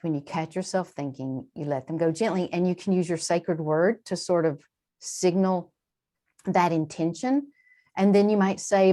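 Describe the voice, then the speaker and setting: A woman guest in an interview, explaining in a lively conversational way, with quick asides and frequent shifts in emphasis. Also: lowish voice. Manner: animated, warm-hearted explaining with quick asides and laughs. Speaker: translator and guest.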